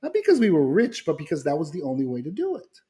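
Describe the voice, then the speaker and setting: A man's voice: a little high, quick pace. A middle-aged man explaining his ideas in conversation, telling stories with acted-out quotes and frequent restarts. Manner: animated storyteller, acts out quoted voices, repeats words when restarting. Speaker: guest speaker.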